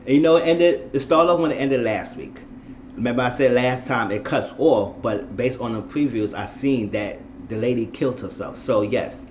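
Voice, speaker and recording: A man's voice: medium pitch, highs cut off, slight background noise. A man casually recapping and commenting on a TV episode, rambling and repeating himself as he retells it. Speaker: TV episode reviewer.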